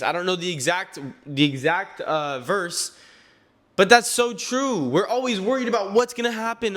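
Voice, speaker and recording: A man's voice: high voice, lively intonation, measured pace, a bit bright. A nineteen-year-old man talking to the camera in an earnest, preachy way about his faith, often repeating words and restarting sentences as he addresses his viewers. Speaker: clothing brand owner and vlogger. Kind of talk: faith-driven motivational talk to camera.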